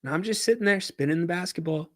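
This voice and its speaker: A man hosting a podcast, telling a casual story in an animated way and acting out shouted quotes. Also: sits high, fast talker. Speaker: podcast host.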